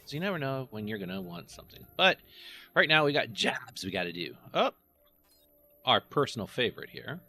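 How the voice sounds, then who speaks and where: A man's voice: mid-range voice, very animated, a little fast, pushed and bright, faint music behind. A man chatting casually to himself and his viewers while playing a game. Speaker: game streamer. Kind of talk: casual gameplay commentary.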